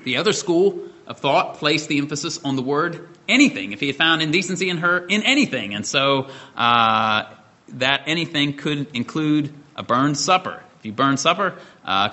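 A middle-aged man preaching an expository sermon, explaining the scripture in a measured way with occasional fillers and restarts. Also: on the high side, lively intonation, bright, forceful tone.

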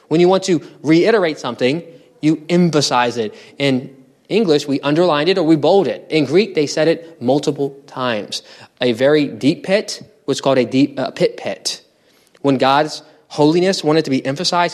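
A man's voice: medium pitch, moderate pace. A man as pastor preaching a sermon in a conversational teaching style, asking the congregation rhetorical questions. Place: church.

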